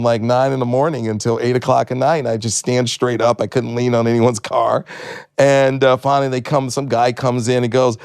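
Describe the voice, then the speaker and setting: A gravelly, creaky-voiced man in his sixties, originally from Detroit, tells his stories as an interview guest. He talks at a middle pitch and acts out the people in his anecdotes. The sound is close and dry. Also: normal speed, dry recording. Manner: animated anecdotes, acting out voices. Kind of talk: storytelling interview.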